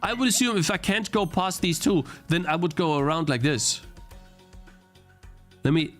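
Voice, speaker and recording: With faint music behind him, a young man commentates on the game he's streaming, his voice fairly bright and on the high side. He speaks at a measured pace, pausing often, and frustration comes easily as he thinks aloud and starts his sentences over.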